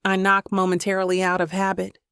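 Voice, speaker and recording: Woman, audiobook narrator, gravelly, dry studio sound, dramatic. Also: mid-range voice, completely flat delivery, fairly quick, a bit bright, dry recording. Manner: dramatic, voices characters' lines with emotion. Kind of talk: first-person romance audiobook narration.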